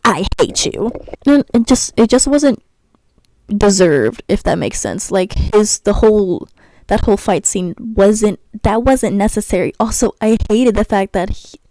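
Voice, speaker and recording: A young woman YouTuber gives ranting commentary on a cartoon episode while gaming, her dark, mid-range voice unhurried yet lively in intonation. Heard on a rough, echo-free recording, she's sassy and fed up, sighing often and tripping on her words.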